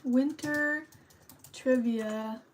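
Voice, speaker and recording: A woman's voice: high voice, very slow, a little hiss or hum, low-quality recording. A woman streamer hosting trivia in casual livestream chat, chatty and rambling, a little self-conscious.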